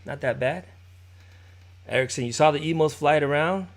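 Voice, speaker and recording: A man's voice: a little high, moderate pace. A man teaching a live-streamed popping dance class, counting beats, encouraging his students and answering viewers in chat in a chatty way. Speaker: dance instructor.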